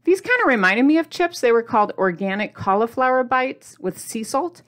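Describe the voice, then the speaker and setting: Chatty woman vlogger, higher voice. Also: normal speed. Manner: chatty and animated, asks viewers questions, laughs often. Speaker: keto diet vlogger. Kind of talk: casual chat to camera.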